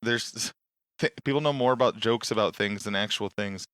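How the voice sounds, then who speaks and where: A man's voice: fairly low pitch, moderate pace, a bit bright, dry recording, studio quality. A man hosting a talk show, chatting casually and telling stories full of swearing. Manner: swearing storyteller acting out quotes. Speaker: podcast host. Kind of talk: casual chat.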